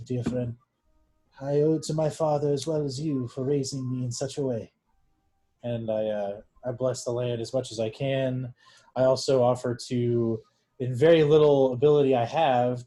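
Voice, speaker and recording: A man playing his character in a tabletop game, earnest and formal, often halting. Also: mid-range voice, warm tone, rough recording. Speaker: player. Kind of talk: in-character tabletop role-play.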